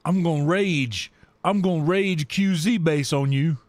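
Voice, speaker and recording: High-voiced man teasing his livestream chat. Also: no echo. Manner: playful, teasing, repeats words in a drawn-out singsong. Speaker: livestream host. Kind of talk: casual gaming livestream chat. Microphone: desk microphone.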